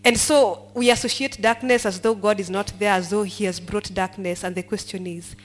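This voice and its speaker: At a moderate pace and in a steady tone, a woman with a mid-range voice runs a Bible study. She reads verses aloud, explains them, and mixes in Swahili with her English while quizzing the group and prompting them to finish lines.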